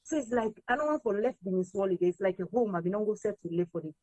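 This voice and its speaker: A Sierra Leonean woman, slipping in and out of Krio, tells her story with lively energy, her voice pitched in the middle range. The sound is close and dry, with no room around it. She acts out what other people said as she goes. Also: racing, no echo, highs cut off. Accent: Sierra Leonean, mixing in Krio. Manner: lively, quotes others in raised voices, slips between English and Krio. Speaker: interview guest, singer. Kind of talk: animated storytelling in an interview.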